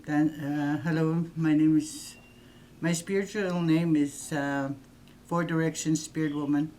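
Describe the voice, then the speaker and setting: An older woman from Northern Manitoba speaks slowly and haltingly, often repeating her words as she introduces herself. Her voice is warm and mellow. A faint hiss of noise sits under the recording. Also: low voice, steady tone. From Northern Manitoba, Canada. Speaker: church minister and elder. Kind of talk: personal introduction in a video.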